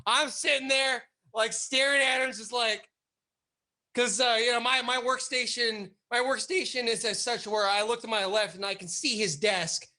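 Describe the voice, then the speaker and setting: Guest, male, swearing storyteller, bright ringing tone. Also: very high-pitched, moderate pace. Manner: animated, profane, lots of fillers. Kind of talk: casual storytelling.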